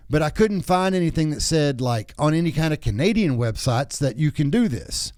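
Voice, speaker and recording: A man's voice: fairly high pitch, a little mellow, no room sound, studio quality. A man in his thirties or forties, hosting a podcast with a crude, joking, rambling way of telling stories. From Texas. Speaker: podcast host. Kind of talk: casual chat.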